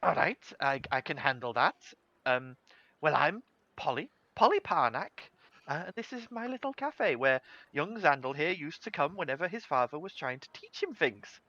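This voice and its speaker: A man's voice: a little high, big pitch swings, moderate pace, pushed and bright, dry recording, lo-fi sound, full character voice. A man voicing a fussy, motherly old halfling grandmother who runs a tea house, scolding and blunt. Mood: chatty.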